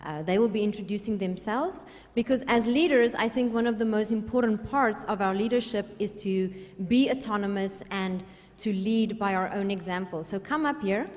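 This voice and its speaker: A woman's voice: medium pitch, normal speed, hardly any pauses, darkish tone. A woman from South Africa moderating a conference panel, friendly and a bit hesitant. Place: large conference hall. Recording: reverberant hall.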